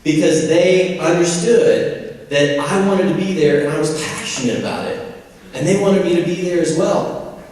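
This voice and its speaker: A man in his forties from Indiana tells folksy, funny stories in a motivational speech. His voice sits a little high, and it comes from far off with long reverb in a big hall. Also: moderate pace, darkish tone. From Indiana, USA. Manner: folksy, humorous storytelling. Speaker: convocation speaker.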